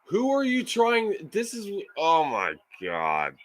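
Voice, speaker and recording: A man's voice: sits high, huge pitch swings, slow pace. A man live streaming a football game, ranting and swearing in frustration at his team's play.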